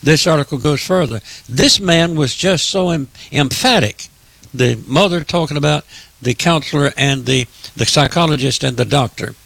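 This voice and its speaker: Gravelly emphatic preacher-commentator man. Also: a little high, normal speed, a bit bright, dry recording. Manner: emphatic, repetitive, preacherly address.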